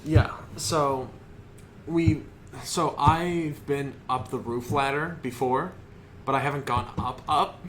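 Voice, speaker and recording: A young adult man co-hosting a podcast, chatting casually in a laid-back, halting way. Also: mid-range voice, fairly bright tone, a little hiss or hum. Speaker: podcast co-host. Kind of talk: casual chat.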